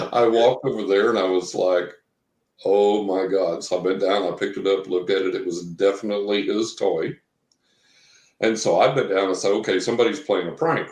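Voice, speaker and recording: Male interview guest, low-ish voice, loose storyteller, roomy echo. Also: a little mellow. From Texas. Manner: rambling storyteller, acts out quotes. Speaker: guest, professional psychic reader. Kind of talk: telling a personal story in an interview.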